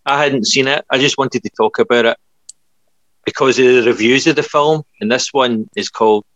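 A man's voice: medium pitch, normal speed, a bit bright, no echo, muffled recording. A man co-hosting a podcast, casually reviewing films with frequent laughs. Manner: laughing, rambling film reviews. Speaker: podcast co-host. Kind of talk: casual chat.

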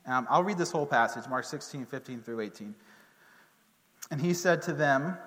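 A man giving a casual Bible lesson to a group, relaxed and joking, with many fillers and restarts. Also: mid-range voice, normal speed, long reverb tail. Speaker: teacher.

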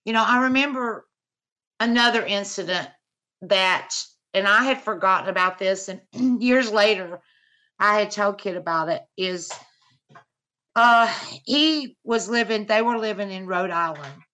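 Middle-aged mom on a podcast, bright voice, talks in halting bits full of "you know". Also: female voice, mid-range voice. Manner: halting, many "you know" fillers, earnest. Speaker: interview guest, mother. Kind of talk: personal account in podcast interview.

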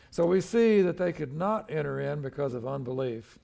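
A man's voice: fairly high pitch, animated, moderate pace, vocal fry, hardly any pauses, warm tone. An older male pastor preaching a sermon in a conversational way, acting out the people in the story as he goes.

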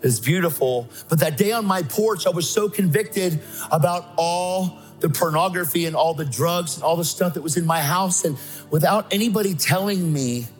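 Faint music plays behind a man with a fairly high voice speaking at a moderate pace. As a guest preacher, he gives an emphatic, excitable sermon about his own story, acting out the voices in it.

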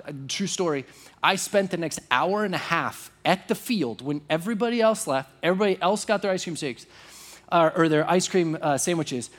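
A man preaching a sermon, telling a personal story in an animated, self-deprecating way, full of quick restarts. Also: high-pitched. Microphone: online service broadcast.

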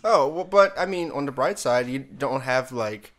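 A man's voice: medium pitch, animated, moderate pace, a bit bright. A young man co-hosting a podcast, chatting in an easygoing way with short reactions and questions. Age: young adult. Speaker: podcast co-host. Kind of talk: casual podcast chat.

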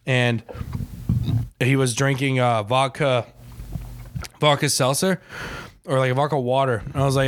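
A man's voice: mid-range voice, fairly even intonation, unhurried, long pauses, slight background noise. A young man from Florida, a stand-up comedian rambling and laughing in casual podcast chat.

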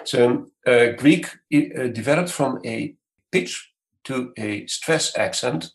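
A gravelly man explains his field in an interview, taking his time. He lectures patiently, with frequent "uh"s and restarts as he searches for words. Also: mid-range voice, rough recording. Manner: measured, lecturing, many hesitations. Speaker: scholar guest.

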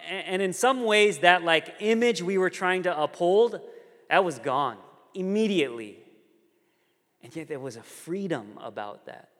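A man preaching a sermon, telling stories in an animated way and acting out the characters. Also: fairly high pitch, in a large hall. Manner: storytelling, animated, voices characters. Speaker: pastor.

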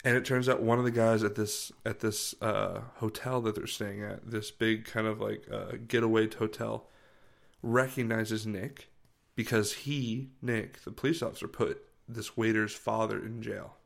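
Low-voiced man rambling casually. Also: flat delivery, a little slow, vocal fry. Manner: rambling, searches for words, restarts. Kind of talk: casual chat.

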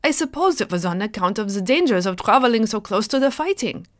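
A man's voice: high-pitched, lively intonation, brisk, a bit bright, no room sound, clean studio sound, pitched above the performer's own voice. A woman voicing a frightened, illiterate young German prisoner who pleads and protests in a raised voice. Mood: explaining.

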